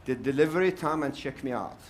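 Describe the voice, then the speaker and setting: A man's voice: mid-range voice, expressive, fairly quick, slight background noise. An older man from South Africa speaking at a summit panel, outspoken and emphatic, repeating his points for force. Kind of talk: impassioned summit speech.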